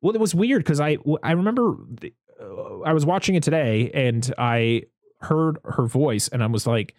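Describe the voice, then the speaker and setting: A man's voice: fairly high pitch, very animated, moderate pace, a little mellow, dry recording, clean studio sound. A man co-hosting a casual movie podcast, chatty and given to exasperated rants. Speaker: podcast co-host.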